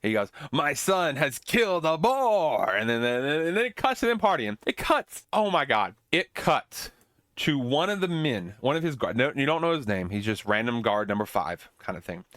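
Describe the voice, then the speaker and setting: A man's voice: mid-range voice, sing-song, normal speed, a bit bright, no echo, clean studio sound. A man hosting a podcast, recapping an old film in a casual, rambling way with swearing and joking asides. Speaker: podcast host.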